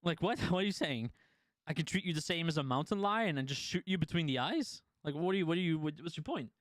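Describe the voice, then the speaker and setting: A man's voice: fairly high pitch, expressive, fast talker, no echo, clean studio sound. A man streaming live, casually chatting to his viewers and telling a story, swearing freely and laughing often.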